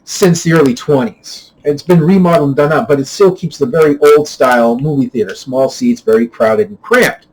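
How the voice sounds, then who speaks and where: Give me a high-pitched man recounting a story casually, with repeated words and false starts. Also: animated, normal speed, hardly any pauses, rough recording. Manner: rambling, with frequent restarts and repeated words; grows louder and higher when retelling heated moments. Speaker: channel host.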